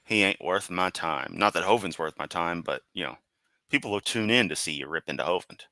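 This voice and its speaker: A man's voice: low voice, a little fast, pushed and bright, no room sound. A tired man streaming live, reading and mocking comments in a sarcastic, rambling way. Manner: sarcastic, rambling, with laughs and restarts. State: tired, yawning.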